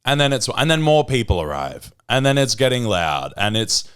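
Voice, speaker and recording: A man's voice: medium pitch, normal speed, clear, resonant tone. A man, co-hosting a podcast and telling stories in casual chat, acting out quotes in a raised voice. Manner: animated storyteller, acts out quotes in a raised voice. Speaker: podcast co-host.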